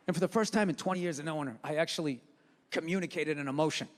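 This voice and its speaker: A man in his fifties performing a profane stand-up rant, chatty and swearing, building to shouted punchlines on a live stage. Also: on the high side, very fast. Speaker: stand-up comedian. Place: live comedy venue stage. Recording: reverberant live venue, audience noise. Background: audience laughter.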